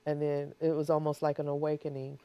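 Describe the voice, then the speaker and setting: A woman's voice: low-pitched, monotone, clear, resonant tone, lo-fi sound. A woman hosting an interview, encouraging her guest and asking follow-up questions. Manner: encouraging, quick to affirm. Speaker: host.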